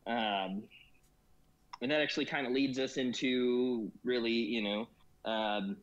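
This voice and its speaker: A man of medium pitch speaks at an unhurried pace as a guest in a casual discussion, rambling along and stuffing "you know" into every phrase. The audio is lo-fi and slightly dull.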